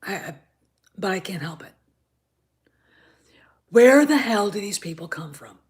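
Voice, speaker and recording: A woman hosting her own show, ranting in anger, swearing freely, stammering and repeating herself, dropping from shouts to muttered asides. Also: medium pitch, expressive, unhurried. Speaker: show host. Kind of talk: angry ranting commentary.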